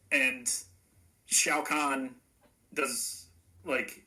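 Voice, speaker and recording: A man co-hosting a casual movie review podcast, recapping the plot with relaxed, dry humor. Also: mid-range voice, normal speed. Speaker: podcast co-host.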